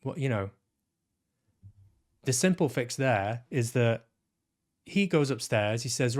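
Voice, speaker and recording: A man's voice: mid-range voice, lively intonation, slow pace, long pauses. Blunt, swearing man. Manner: blunt, frequent swearing, many restarts and repeated words. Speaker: podcast host reviewing a film. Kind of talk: casual spoken film review.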